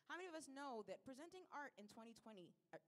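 A woman's voice: sits high, sing-song, quick pace. A young singer-songwriter in her twenties, chatting casually and a little nervously between songs, with frequent laughs. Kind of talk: casual stage banter. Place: live concert stage in a large hall. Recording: reverberant concert hall.

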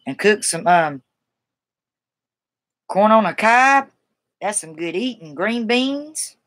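A woman with a warm Southern US accent talks to her live-stream viewers through a phone or webcam. Her delivery is slow and drawn out, folksy and chatty. She sits in a mid-range pitch and laughs easily between thoughts. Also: lively intonation. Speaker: livestreamer. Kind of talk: casual live-stream chat.

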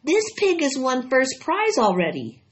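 A woman voicing an eager young farm boy who calls out in a high, excited way. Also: a little slow, heavily acted. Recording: dull lo-fi recording.

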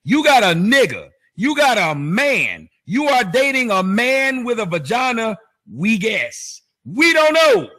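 High bright sarcastic male host. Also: big pitch swings, slow pace, hardly any pauses. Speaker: commentary host. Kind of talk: mocking commentary on clips.

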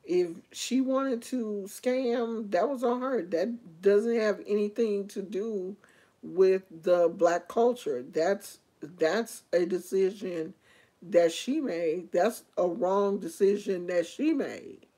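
A woman's voice: medium pitch, slow pace, dark tone. A woman vlogger in casual chat, rambling and opinionated as she talks to her viewers.

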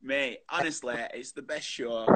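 A man's voice: medium pitch, normal speed, very noisy. A man hosting a casual chat show over a video call, chatty and full of matey banter.

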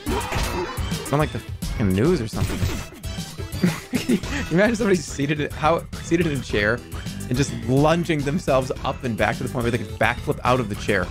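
Excitable male streamer with a bouncy voice. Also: mid-range voice, moderate pace, long pauses, music in the background. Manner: excitable, yelps and swears, breaks into laughter. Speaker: live streamer. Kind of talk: casual live-stream chatter while gaming.

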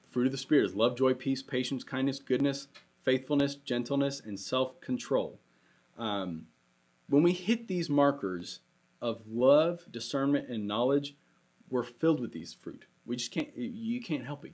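A young adult man preaching a sermon in a relaxed, conversational way, mixing scripture reading with a personal story. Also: mid-range voice, measured pace. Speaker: pastor.

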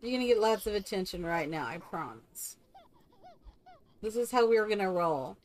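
A woman's voice: mid-range voice, lively intonation, moderate pace. A woman streaming a game live, chatting casually and coaxing her characters like a doting mother.

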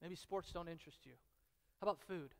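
This sermon comes from a pastor with a high male voice who relies on storytelling, repetition and dramatic pauses. He shifts from quiet, intimate moments to loud bursts of excitement, echoing with a large hall's long reverb.

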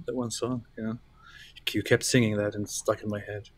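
A man's voice: on the low side, flat delivery, brisk. A man co-hosting a casual live stream, playful and teasing, laughing often.

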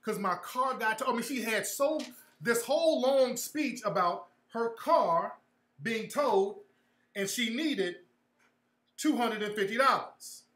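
A man's voice: extremely high pitch, animated, takes it slowly, a bit bright, reverberant. A man hosting his own show, telling a story in a casual, profane, mocking way and often laughing at it. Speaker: podcast host.

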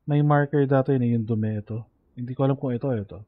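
Over phone-quality sound, a sleepy young man with a Filipino accent rattles off casual comments on the game he's streaming. His mid-range voice moves very fast, and he mumbles to himself and drifts into Tagalog.

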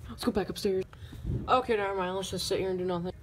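A bored, bratty plush troublemaker, as a woman puts it on, mutters in a flat, mumbly drawl, teasing and unbothered. A lower, lazier voice for a toy skit. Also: fast, a little hiss or hum, lightly acted.

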